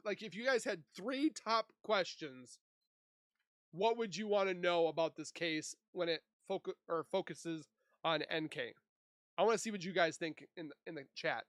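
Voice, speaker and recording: A man's voice: high voice, fairly bright tone, no echo, clean studio sound. A man from Minnesota hosting a casual livestream, chatting and reading viewer comments aloud into a desk mic. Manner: chatty, reads and answers chat aloud. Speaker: livestream host.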